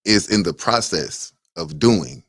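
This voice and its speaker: A man's voice: sits low, animated, slow, fairly bright tone, breathy edge, no room sound, clean studio sound. A man co-hosting a casual community podcast, speaking emphatically and indignantly. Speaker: podcast co-host.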